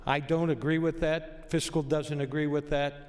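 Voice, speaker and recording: A man's voice: on the high side, flat delivery, normal speed. Man, senator, firm plain-spoken floor speech, echoing legislative chamber. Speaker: state senator. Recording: long reverb of a chamber.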